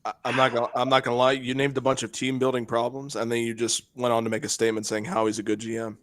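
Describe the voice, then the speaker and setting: A man's voice: medium pitch, completely flat delivery, fast talker, a bit bright, no room sound. A man co-hosting a sports talk show, arguing pointedly against his co-host. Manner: argumentative, pointed. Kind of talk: sports debate.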